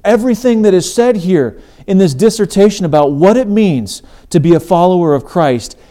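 A man's voice: high-pitched, lively intonation, normal speed, mellow. A middle-aged man hosting a faith podcast, delivering an earnest, emphatic sermon-style talk. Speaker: podcast host.

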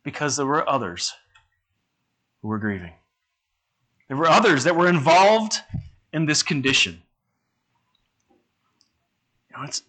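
Here a man preaches to his congregation in a conversational manner, frequently asking them questions. His mid-range voice is a bit bright.

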